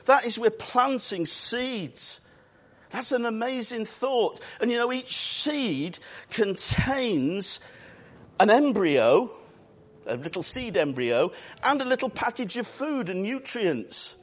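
A man preaching a sermon in church, earnest and emphatic, drawing out key words and adding quick asides. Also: very high voice, very animated.

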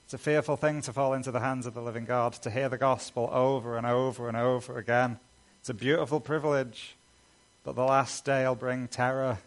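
A man preaching a sermon as a pastor, earnest and emphatic, building lists of repeated phrases. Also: medium pitch.

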